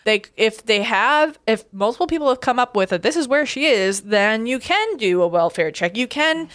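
A woman co-hosting a casual podcast, her voice a bit high and recorded close and dry. She argues earnestly, stopping and restarting her sentences as she works out her point. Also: animated, normal speed, fairly bright tone, dry recording. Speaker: podcast co-host.

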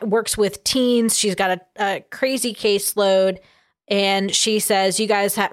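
A woman co-hosting a podcast, chatting casually and reading out listener messages with many fillers. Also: medium pitch. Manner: chatty, halting with fillers, laughs often. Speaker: podcast co-host.

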